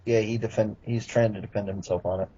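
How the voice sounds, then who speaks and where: Blunt male co-host, mellow husky tone, muffled lo-fi recording. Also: fairly low pitch, steady tone, fast. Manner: blunt, swears casually. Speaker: podcast co-host. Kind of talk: casual chat. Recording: dull lo-fi podcast audio.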